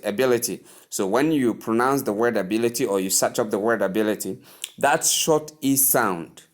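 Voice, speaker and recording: A man teaching English pronunciation, speaking deliberately and repeating each word several times for the listener to practice. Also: lowish voice. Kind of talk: pronunciation lesson.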